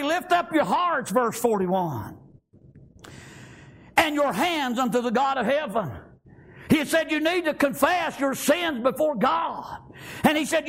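A preacher man with a strikingly high voice delivers a fervent sermon. He scatters "praise God" and "amen" through his lines and climbs into shouts as he presses his point. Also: gravelly. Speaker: pastor.

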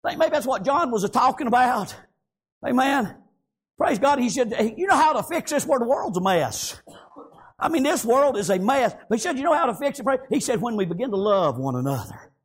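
A man preaching a fervent sermon, constantly breaking in with "amen" and "praise God" and rising into shouts. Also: extremely high pitch, very animated, a little fast, husky.

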